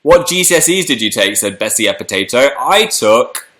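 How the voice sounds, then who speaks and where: A man's voice: medium pitch, big pitch swings, normal speed, fairly bright tone. A British man hosting a livestream in casual chat, playfully reading out viewer comments and answering them.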